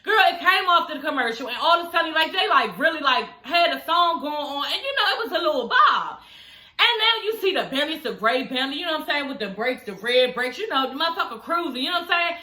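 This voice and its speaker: A woman's voice: sits high, sing-song, fast talker, pushed and bright, echoey room. A woman vlogger recapping a reality show from home in casual, slangy chat, laughing often, her speech slightly slurred by new dental aligners.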